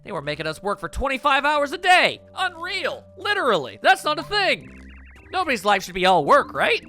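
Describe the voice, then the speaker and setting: A man putting on a feisty little bomb girl from a video game, her voice pushed up high and bouncing all over as she rants and cheers. Her tone is bright and sharp, with soft music in the background. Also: huge pitch swings, full character voice. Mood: chatty. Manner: spunky, quick to anger, pitched up high. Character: feisty young female bomb creature. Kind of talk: voicing game dialogue.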